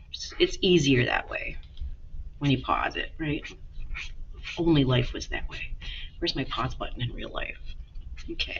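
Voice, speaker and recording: A woman's voice: sits low, bright, forceful tone, muffled recording, slight background noise. A woman art teacher giving a casual, encouraging drawing lesson to kids and talking straight to her students. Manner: chatty, encouraging, talks to students directly.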